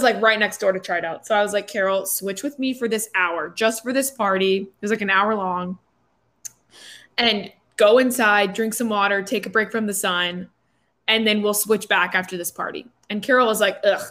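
A young woman in her twenties, telling a story in a casual chat with lots of fillers. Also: medium pitch. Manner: animated, quick storytelling with many fillers.

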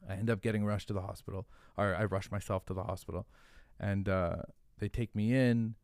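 A man's voice: on the low side, steady tone, fairly quick, a little mellow, dry recording, clean studio sound. A man, a podcast guest, telling a rambling, profane story in casual chat, full of "like". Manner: profane, rambling, heavy use of "like". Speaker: podcast guest, hot sauce founder.

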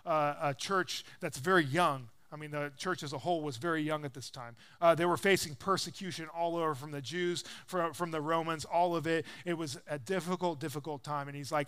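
A man in his thirties, a pastor giving a casual, conversational sermon, animated and acting out quotes as he tells stories. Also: a little fast, hardly any pauses, clean tone. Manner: animated storyteller, acts out quotes with rising pitch and volume.

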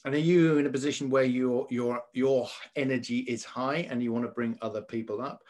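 A man hosting a relaxed podcast chat in a mid-range voice. He talks thoughtfully and pauses to search for words, with frequent restarts. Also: mid-range voice. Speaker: podcast host. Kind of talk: casual conversation.

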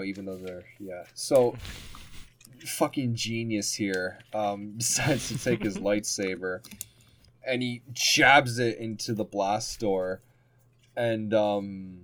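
A young man on a casual podcast chat, telling a game story with a lot of laughing and casual swearing. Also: fairly low pitch. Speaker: podcast co-host.

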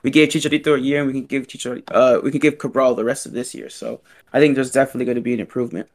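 A man's voice: mid-range voice, fairly even intonation, rapid-fire. A young man co-hosting a casual soccer fan podcast, easygoing and upbeat, his talk full of "like" fillers. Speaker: podcast co-host.

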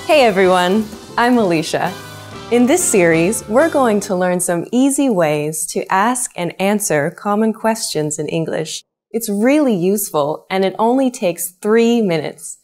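A young woman teaching an English lesson, speaking slowly and clearly and repeating each phrase for learners. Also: medium pitch, expressive, a little mellow, soft background music. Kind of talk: scripted language lesson.

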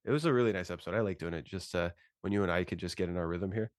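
A congested man hosting a casual podcast in a low voice, chatting loosely and tossing in "bro" constantly. The sound is dry and close, with no room around it. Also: rapid-fire, dry recording. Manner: laid-back, says "bro" a lot. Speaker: podcast host.

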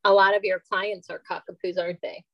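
A woman's voice: mid-range voice, flat delivery, brisk, creaky, lo-fi sound, over music. An American woman co-hosting a podcast in casual chat, giggly and self-deprecating. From United States. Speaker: podcast co-host.

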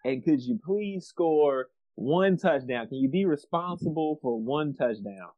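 Podcast cohost guy going off on a rant, kinda high voice, muffled dry audio. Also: lively intonation, unhurried, dry recording. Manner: emphatic rant, repeats himself, casual slang. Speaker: podcast co-host. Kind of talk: casual sports chat.

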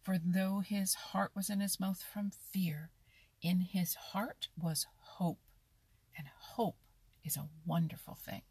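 A woman reads a children's animal story aloud in a slow, expressive manner. Her voice is low and husky with some gravel in it. The recording is close and dry. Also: no echo. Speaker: narrator. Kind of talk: storybook reading.

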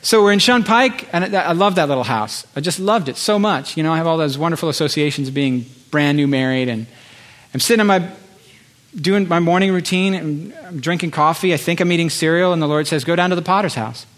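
A man preaching a sermon to his congregation, impassioned, building through repeated phrases with pauses. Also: fairly high pitch, a bit bright. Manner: impassioned, rhetorical repetition with pauses. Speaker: pastor.

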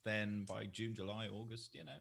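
A man's voice: on the low side, level tone, moderate pace, vocal fry, a loud crowd. A married man in casual podcast chat, reading out news items and chatting. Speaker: podcast co-host. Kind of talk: casual banter.

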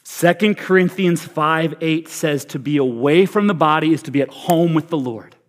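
A man preaching a sermon as pastor, energetic and humorous, swinging between loud hype and quiet, hushed delivery. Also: fairly high pitch, moderate pace. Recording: reverberant hall.

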